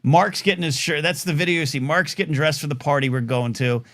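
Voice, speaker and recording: A middle-aged man with a slightly raised pitch hosts a live call-in style talk show. He tells a long story in a loose, rambling way, full of fillers and false starts, and animates the people in it with quick put-on voices. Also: fairly bright tone. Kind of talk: casual storytelling monologue.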